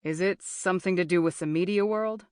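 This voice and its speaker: A woman's voice: fairly low pitch, brisk, darkish tone, no echo, studio quality, lightly acted. A woman voicing a wary male journalism teacher. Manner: wary, hesitant.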